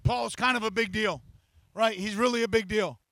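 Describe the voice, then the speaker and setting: A man preaching a sermon in church, speaking scripture aloud in the first person and rising to impassioned shouts. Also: high voice, fairly even intonation, normal speed, dry recording, low-quality recording. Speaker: pastor.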